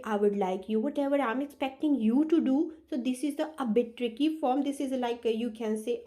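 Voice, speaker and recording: A woman's voice: high voice, warm tone. Patient woman teaching spoken English. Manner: patient, repeats example phrases. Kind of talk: demo English lesson.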